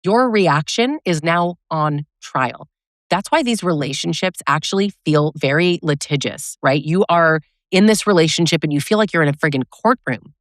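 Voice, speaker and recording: A woman's voice: lowish voice, dry recording, clean studio sound. A woman relationship coach giving blunt, sarcastic advice, acting out quoted lines as she talks. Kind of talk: direct-to-camera advice talk.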